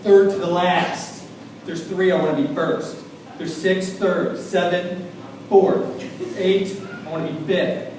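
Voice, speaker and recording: A man from small-town Maine doing a loud, self-deprecating stand-up set on a club stage, yelling his punchlines. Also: sits high, fairly even intonation, takes it slowly, background noise. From small town in Maine, USA. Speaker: stand-up comedian. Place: comedy club stage in a large room. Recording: echoey club room from far off, audience crowd.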